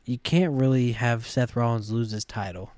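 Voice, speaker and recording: A man's voice: medium pitch, steady tone, normal speed, darkish tone, no room sound. A man with a Midwestern American accent co-hosting a casual wrestling podcast, joking in slang and calling his co-host bro.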